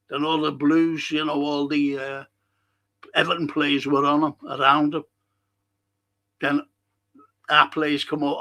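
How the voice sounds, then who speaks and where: An older man hosts a live stream and reads out viewer comments. He talks in a rambling, heated way, swears often, and sits a bit higher in pitch than most men. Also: little pitch movement, moderate pace, long pauses, bright, forceful tone. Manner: passionate, rambling, swears freely. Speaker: podcast host.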